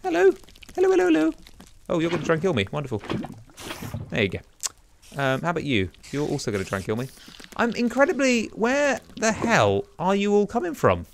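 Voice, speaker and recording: A young man, chatting casually to himself as he plays a game, rambling and breaking into sudden excited exclamations. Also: fairly high pitch, brisk, vocal fry, slight background noise. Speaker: let's play gamer. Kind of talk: casual gameplay commentary.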